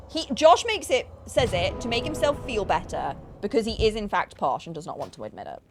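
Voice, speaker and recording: A Yorkshire woman with a northern English accent plays a game on a casual live stream, chatting and teasing her viewers in jokey banter. Her medium-pitched voice is very animated and brisk, with few pauses, over slight background noise.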